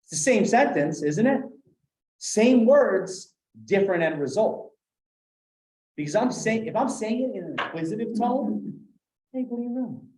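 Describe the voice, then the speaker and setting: A man running a live sales training session, animated, acting out different tones of voice as examples. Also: sits high, measured pace, long pauses. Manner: animated, demonstrates tones with acted quotes. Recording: echoey room.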